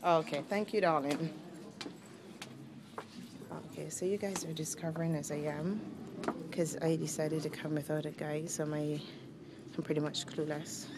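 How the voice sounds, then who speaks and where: A woman's voice: low voice, steady tone, moderate pace, pauses often, heavy background noise. A young woman, a student reporter, vlogging casually and self-mockingly on her phone while walking through a church. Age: young adult. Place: busy church interior. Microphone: phone held while walking. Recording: phone audio in a crowd. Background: crowd of visitors.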